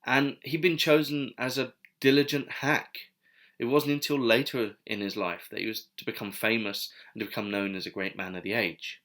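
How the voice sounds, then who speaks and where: A man's voice: medium pitch, steady tone, moderate pace, fairly bright tone. A man giving casual, digressive history commentary with wry asides. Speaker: video essayist.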